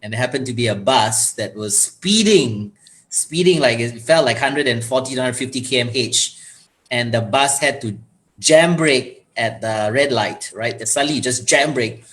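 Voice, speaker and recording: Guy hosting an online talk, tells funny stories on himself, animated, video call sound. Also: mid-range voice, normal speed. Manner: storytelling, self-deprecating, animated. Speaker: host. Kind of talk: casual online talk show.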